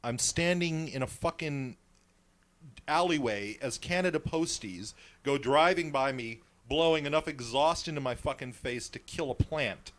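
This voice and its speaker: A man's voice: fairly high pitch, measured pace, a bit bright. Emphatic, profane man with stammers. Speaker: studio regular on talk radio. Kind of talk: casual studio chat. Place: radio studio.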